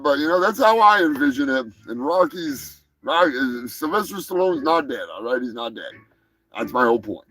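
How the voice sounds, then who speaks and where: A man hosting a live stream, rambling and swearing casually while high. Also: big pitch swings, moderate pace, pushed and bright, poor audio. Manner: rambling, profane, laid-back. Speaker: host.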